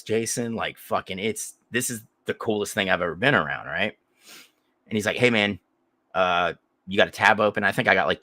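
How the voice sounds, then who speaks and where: A man's voice: lowish voice, pushed and bright, no echo. A man telling a crude, rambling story in casual chat as a podcast co-host.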